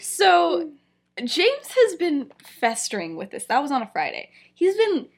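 A young woman co-hosting a podcast, retelling a story in casual chat, animated, with lots of fillers. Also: very high-pitched, unhurried, creaky. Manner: animated storytelling, many fillers, frequent laughs. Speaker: podcast co-host.

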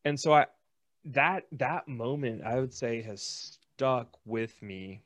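A man co-hosting a casual podcast, an animated storyteller who acts out the people in his stories. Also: mid-range voice, slow, dry recording. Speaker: podcast co-host. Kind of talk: casual chat.

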